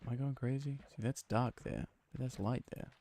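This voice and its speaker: This man from New Zealand has a medium-pitched, gravelly, warm voice and speaks at a moderate pace over slight background noise. He's streaming a game and chatting casually, rambling playfully and filling pauses as he thinks aloud and reads chat.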